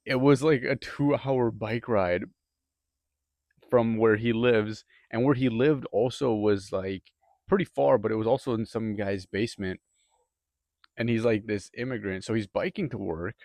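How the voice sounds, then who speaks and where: A man's voice: fairly low pitch, measured pace, darkish tone, no echo, studio quality. A young man rambling through a profane, casual monologue, full of filler words and restarts. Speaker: podcaster.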